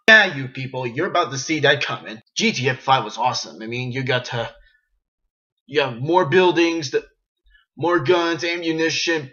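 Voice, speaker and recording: Rambling, excitable young-sounding man. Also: mid-range voice, lo-fi sound. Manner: rambling, excitable, frequent restarts. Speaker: video game reviewer. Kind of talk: casual review vlog.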